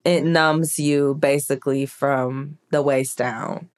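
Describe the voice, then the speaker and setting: Low-voiced woman telling stories. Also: steady tone, slow pace, clean tone. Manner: chatty, frequent "like" fillers. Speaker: podcast guest. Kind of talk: casual conversational storytelling.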